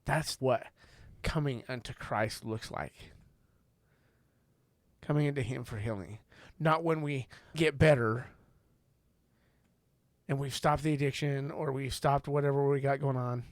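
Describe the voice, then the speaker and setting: An earnest man co-hosting a faith recovery podcast, retelling scenes with animated warmth of feeling. His mid-pitched voice sits close to a dry mic with little room sound. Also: a little slow, long pauses, dry recording. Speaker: podcast co-host. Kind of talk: casual faith podcast conversation.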